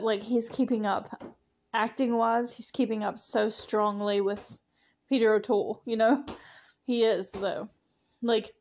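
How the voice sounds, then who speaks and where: A woman's voice: on the high side, darkish tone. Gushing young woman podcast host. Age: young adult. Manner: gushing, rambling, laughs often, many "like" fillers. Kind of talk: casual chat about a movie.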